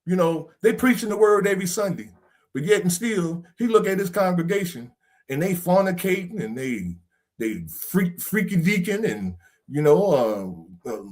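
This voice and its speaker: A man's voice: sits high, very animated, moderate pace, a little mellow. A man hosting a podcast discussion, talking in a preachy, casual way and swearing now and then. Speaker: podcast host.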